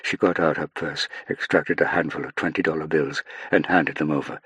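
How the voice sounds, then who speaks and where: Very deep husky male narrator. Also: steady tone, moderate pace, hardly any pauses, fairly bright tone, no echo. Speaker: audiobook narrator. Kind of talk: scripted narration.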